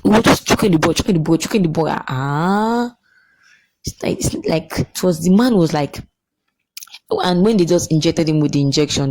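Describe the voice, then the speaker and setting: Low-voiced Nigerian woman commenting on news. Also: mellow, low-quality recording. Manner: emotional, repeats phrases, mixes in pidgin.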